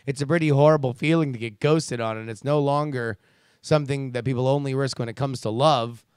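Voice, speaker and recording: A man's voice: mid-range voice, fairly quick, darkish tone, clean tone, no echo, clean studio sound. A man hosting a casual commentary show who rants in a sarcastic, profane way and reads listener emails. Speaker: podcast host reading listener emails.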